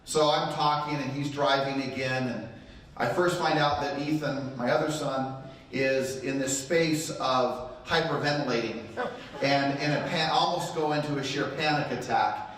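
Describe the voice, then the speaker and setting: A man's voice: medium pitch, steady tone, normal speed, fairly bright tone, slight background noise. A middle-aged man giving a motivational training talk to a live audience, telling a story and acting out the quotes. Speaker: real estate training speaker. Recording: very echoey room, voice far from mic.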